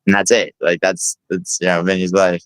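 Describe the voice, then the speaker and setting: A man's voice: deep voice, flat delivery, normal speed, fairly bright tone, clean tone, dry recording, low-quality recording. A nasal-voiced American man whose Bronx accent is covered up, rambling in casual chat with lots of fillers and swearing. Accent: American with a hidden Bronx accent. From Sicily, raised in the Bronx.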